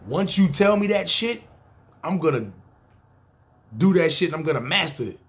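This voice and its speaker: A man's voice: fairly high pitch, animated, moderate pace. Profane New York man telling a story. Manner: profane, streetwise, acts out other people's voices. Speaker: storyteller, podcast host. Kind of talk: casual storytelling monologue.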